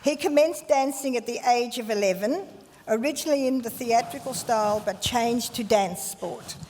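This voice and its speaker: A woman, reading introductions of the performers at a live event in a measured way. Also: on the high side, a little mellow. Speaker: announcer. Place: large function hall. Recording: long hall reverb, faint noise.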